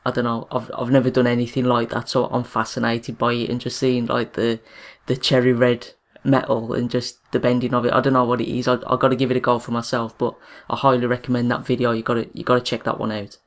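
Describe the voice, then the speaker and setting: A man's voice: mid-range voice, quick pace. A man co-hosting a casual podcast, talking with enthusiasm in a loose way, full of fillers. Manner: enthusiastic but flat, fillers like "like" and "I don't know". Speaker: podcast co-host.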